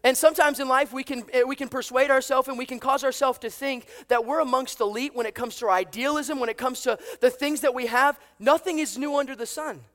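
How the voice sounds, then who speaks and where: A man's voice: extremely high pitch, brisk, few pauses, a bit bright. A man preaching a sermon, telling a story with acted voices and asking the congregation rhetorical questions. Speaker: pastor.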